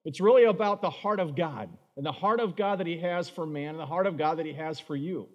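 A high-voiced man preaches in an easy, conversational way. He slips into acted voices for the people he quotes, jumping well up in pitch. His voice rings with the long reverb of a church hall. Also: darkish tone. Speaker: pastor. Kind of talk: sermon.

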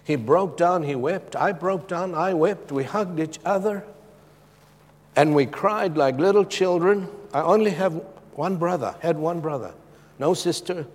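A middle-aged man preaching a sermon with a personal testimony, emphatic and moving between loud urgency and hushed tones. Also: a little high, measured pace. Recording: long reverb of a large hall.

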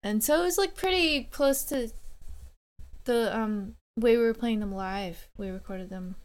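A woman's voice: fairly high pitch, measured pace. A woman musician guest chatting casually in an interview, hesitant and self-deprecating, with many fillers.

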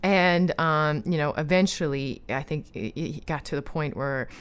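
A woman talking casually about her own life, earnest, with lots of fillers and restarts, growing animated when she retells disagreements. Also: sits low, moderate pace, clean tone. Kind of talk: personal storytelling chat.

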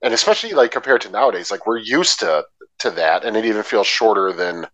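A man's voice: fairly low pitch, animated, quick pace, fairly bright tone, rough recording. A man co-hosting a casual film podcast, laid-back and enthusiastic, with casual swearing. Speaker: podcast co-host.

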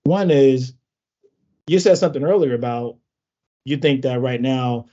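Mellow-voiced motivational male host. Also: medium pitch, a little slow. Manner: motivational, talks in gym analogies. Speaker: podcast host. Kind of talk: casual interview chat. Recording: dull lo-fi sound.

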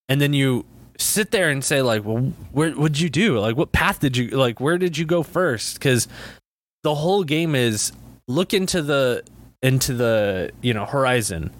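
A man co-hosting a casual video game podcast, rambling, laughing often and acting out what other people say. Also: medium pitch. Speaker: podcast co-host.

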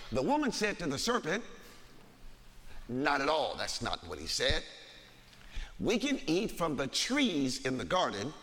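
A man's voice: fairly high pitch, a bit bright. A man preaching a sermon, reading scripture aloud with dramatic emphasis in a church sanctuary. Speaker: pastor. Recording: long hall reverb.

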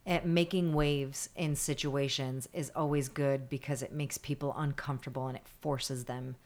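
A woman's voice: a bass voice, steady tone, moderate pace, a little mellow. A woman co-hosting a podcast, chatting casually in a laid-back, reflective way with short dry replies. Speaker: podcast co-host. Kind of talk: casual chat.

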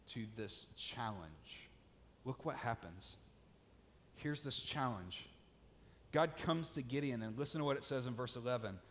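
Emphatic pastor preaching in a reverberant hall. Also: male voice, medium pitch. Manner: emphatic, repetitive, drops to quiet for emphasis. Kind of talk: sermon.

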